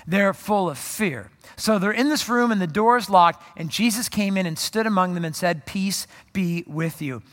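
A male pastor preaching a sermon, telling the story in a lively way with joking asides. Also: high-pitched, normal speed, hardly any pauses. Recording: long reverb of a large hall.

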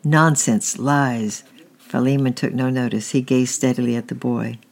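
A storyteller reading a historical tale aloud at an unhurried, steady pace, with a few slips. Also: mid-range voice, vocal fry.

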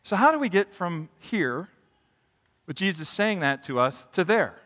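Animated male pastor in a reverberant hall. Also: unhurried. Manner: animated preaching, acting out quotes with big swings in pitch and volume. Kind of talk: sermon. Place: church sanctuary.

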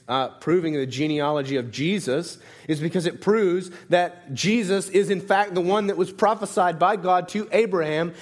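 A man preaching a sermon in a conversational way, often asking "right?" and restarting his sentences. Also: on the high side. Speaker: pastor.

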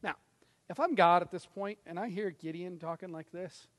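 A man preaching a sermon as pastor, dramatic, swinging from loud to hushed. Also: high voice, normal speed. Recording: reverberant hall.

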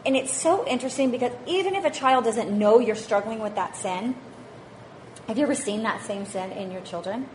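A woman's voice: on the high side, animated, fairly quick, a little mellow, slight background noise. A woman in her thirties, a mother of five, giving a chatty, self-mocking talk on parenting and faith to a church group, laughing often. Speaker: speaker at a parenting session.

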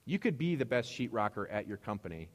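A man's voice: lowish voice, big pitch swings, fast talker. A man preaching a sermon as a pastor, telling stories in a casual way and acting out the dialogue. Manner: casual storytelling, acts out dialogue. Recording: long hall reverb.

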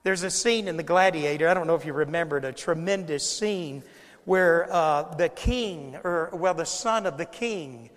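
A man's voice: a little high, moderate pace, big-room sound. A man preaching a sermon to his congregation in a conversational, emphatic way, often repeating phrases and speaking to the listeners directly.

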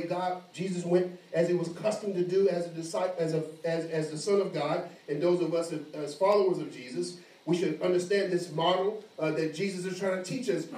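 A man preaching an animated sermon, acting out the voices of the people in his story. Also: high-pitched. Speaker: pastor. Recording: echoey room, mic at a distance.

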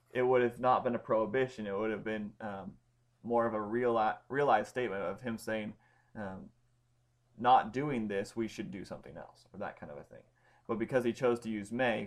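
Male Bible study teacher, lowish voice, informal, leans hard on key words. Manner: informal, stresses key words, many ums and restarts. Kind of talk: explaining Greek grammar to a study group.

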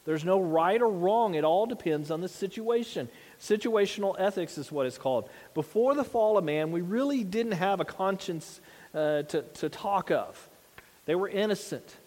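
Male pastor, high-pitched voice, casual sermon delivery, heavy hall reverb. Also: lively intonation, normal speed, darkish tone. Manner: conversational preaching with rhetorical questions.

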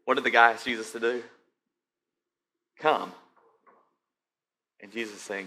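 A man's voice: medium pitch, a little slow, vocal fry, pauses often, bright, forceful tone, a little hiss or hum. A man preaching a conversational sermon, speaking animatedly and often checking in with his listeners.

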